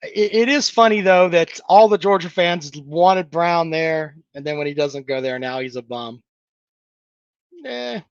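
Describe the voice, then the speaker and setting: A man's voice: high-pitched, a bit bright, no room sound, muffled recording. A man hosting a casual sports talk livestream, reading chat comments and mocking them bluntly with plenty of swearing. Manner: blunt, sarcastic, swears freely, mocks callers' takes.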